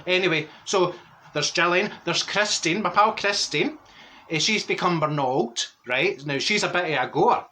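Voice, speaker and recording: A man's voice: high-pitched, normal speed, bright, forceful tone, slight background noise. A man playing a gossiping middle-aged Glasgow woman with a Glaswegian accent, telling rambling comic stories with lots of exclamations. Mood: gossipy. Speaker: comedy character monologue. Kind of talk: comic character storytelling.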